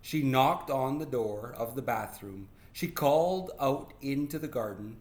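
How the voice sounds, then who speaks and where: Man reading kids' book, slow, lively pitch. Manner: slow and expressive. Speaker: storybook reader. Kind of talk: children's read-aloud.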